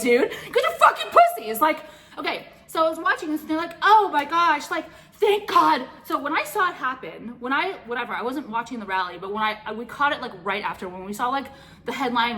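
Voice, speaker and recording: A woman vlogging a casual rant to camera, profane and rambling, full of "like" and "okay", swinging between loud mocking outbursts and muttered asides. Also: high-pitched.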